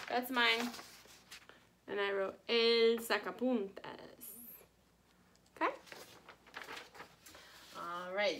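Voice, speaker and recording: Animated, high-voiced woman teaching Spanish. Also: a little hiss or hum. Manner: slow, careful modeling of Spanish words; cheerful, encouraging teacher talk. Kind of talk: recorded online class for children.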